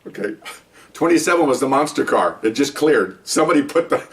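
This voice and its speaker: Captured on a distant mic, the older retired cop has a medium-pitched, animated voice at an ordinary pace. He tells a humorous, meandering anecdote from his career in an easygoing way. He laughs along with it and performs the voices of those in the story.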